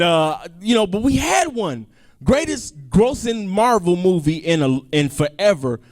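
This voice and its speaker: A male comedian doing a stand-up set, animated, swinging between loud outbursts and low asides.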